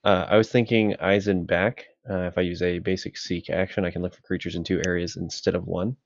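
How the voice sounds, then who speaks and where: A man's voice: sits low, level tone, a little fast, no echo, muffled recording. A man player casually thinking aloud over his game choices, with frequent hesitations, heard over an online call. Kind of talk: casual tabletop game chat.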